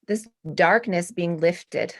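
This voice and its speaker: Woman, 40s, guest artist, low-ish voice, rambling and sincere. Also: slow. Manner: rambling, earnest, many restarts. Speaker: guest artist and art professor. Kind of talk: spiritual casual interview.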